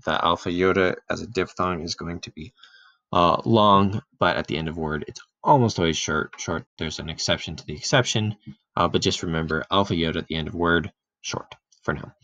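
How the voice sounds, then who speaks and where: A man giving a relaxed, casual grammar lesson, full of fillers and restarts, who often clears his throat. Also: deep voice, a little fast, no room sound. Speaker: Greek teacher. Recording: dull, dry home recording.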